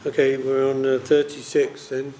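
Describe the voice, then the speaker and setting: A man's voice: mid-range voice, completely flat delivery, normal speed, mellow, a little hiss or hum. A man leading a scripture study group, explaining verses casually with many fillers. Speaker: class leader.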